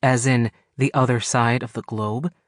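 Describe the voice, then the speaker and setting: A man's voice: medium pitch, steady tone, no room sound, studio quality, close to an everyday voice. A man narrating an audiobook, voicing a frustrated, businesslike man talking on the phone while riding. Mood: impatient. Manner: brisk, impatient. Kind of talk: audiobook character voice.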